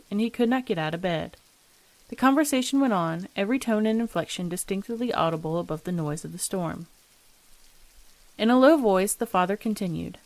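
A woman narrating a classic ghost story as the host of a reading show, in a measured, steady manner. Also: medium pitch, dry recording.

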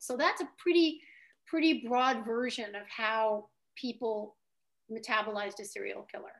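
Woman guest, high voice, chatty and halting storyteller. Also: fairly even intonation, fairly bright tone. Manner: chatty, hesitant storyteller with many restarts. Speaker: guest writer. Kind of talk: casual interview talk.

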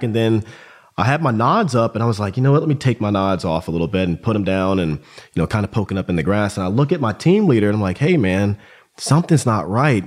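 A man talking as a podcast guest, telling a story casually and with energy. He peppers his talk with dude and bro. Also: fairly low pitch. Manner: animated, slangy, calls listener dude and bro.

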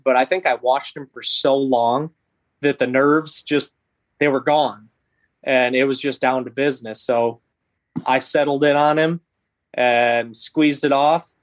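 A man in his thirties, a podcast guest, telling a story in animated, halting bursts with many restarts. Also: mid-range voice, no room sound.

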